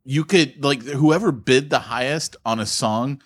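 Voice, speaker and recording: A man's voice: mid-range voice, unhurried, no room sound, clean studio sound. A man co-hosting a podcast in casual banter, wry and jokey, often laughing at his own stories. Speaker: podcast co-host.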